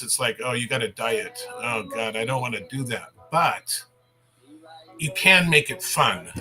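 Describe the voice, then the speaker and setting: A man's voice: mid-range voice, poor audio. A man in his fifties, a language teacher hosting a casual livestream Q&A, talking in a chatty, rambling way with restarts.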